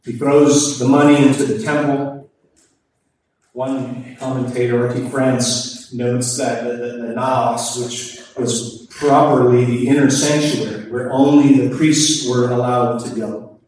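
A man's voice: medium pitch, steady tone, unhurried, a little mellow, slight background noise. A man preaching a sermon at a church service, emphatic and repeating his key phrases, in an echoey, distant recording. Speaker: pastor.

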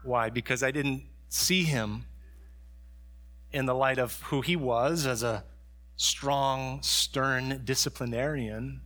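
A middle-aged male pastor preaching a sermon, dropping to soft storytelling and rising to raised, fervent preaching. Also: mid-range voice, slow pace.

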